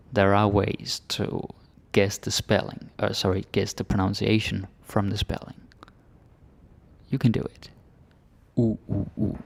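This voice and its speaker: A man from Denmark teaching pronunciation in a relaxed, joking way, often dropping into whispers. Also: on the low side, gravelly. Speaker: language teacher. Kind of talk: casual pronunciation lesson.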